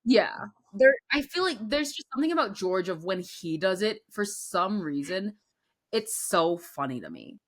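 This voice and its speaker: Lively young woman with a swooping voice. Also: mid-range voice, moderate pace. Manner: expressive, animated, mimics voices. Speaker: podcast co-host. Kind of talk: casual sports recap chat.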